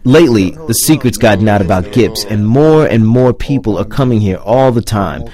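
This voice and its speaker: A man's voice: fairly low pitch, lively intonation, normal speed, mellow. A man hosting and narrating a documentary feature in a wry, conversational scripted style. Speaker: host and narrator.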